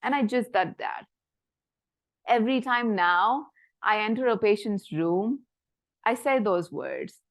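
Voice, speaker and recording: A woman physician giving an earnest, reflective talk about her practice, speaking in measured phrases that soften almost to a whisper at tender moments. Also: mid-range voice, expressive.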